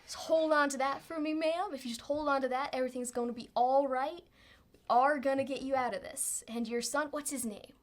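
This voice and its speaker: A woman voicing a tall, calm, mustached cowboy showman, speaking in a folksy, reassuring drawl with an easy, steady authority. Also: extremely high pitch, moderate pace, pitched above the performer's own voice. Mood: soothing.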